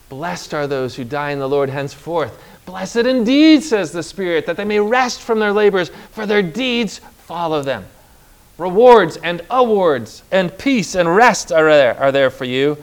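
A man preaching a sermon with emphatic delivery, stretching out key words and calling on the congregation to repeat phrases. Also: a little high.

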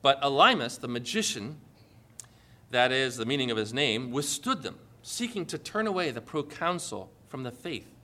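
A man's voice: medium pitch, sing-song, normal speed, pushed and bright. A male pastor preaching a sermon, reading scripture and adding emphatic, sarcastic asides.

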